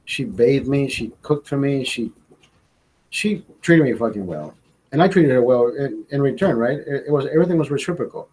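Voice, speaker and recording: A man's voice: mid-range voice, normal speed, slightly rough, rough recording. A man in his forties telling a crude personal story on a podcast, swearing constantly and acting out what others said. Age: 40s. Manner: profane, animated, acts out quoted voices. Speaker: podcast host. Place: studio.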